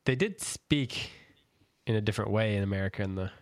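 A man hosting a casual book club podcast, relaxed and steering the talk. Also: fairly low pitch, fairly quick, dry recording, studio quality. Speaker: podcast host.

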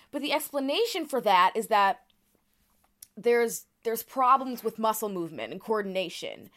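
A woman co-hosting a podcast, explaining a topic in casual conversation with frequent fillers and restarts. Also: on the high side. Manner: chatty, many "like" fillers and restarts. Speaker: podcast co-host presenting research.

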